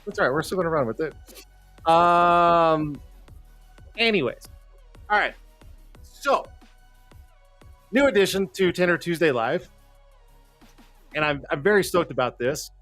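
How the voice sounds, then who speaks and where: Male live-show host, slightly high voice, rambling and foul-mouthed, soft music underneath. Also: animated, measured pace, long pauses. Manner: rambling, cussing, self-deprecating, jokey; flustered, talking to himself while fixing tech. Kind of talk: casual live-stream chat. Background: faint background music.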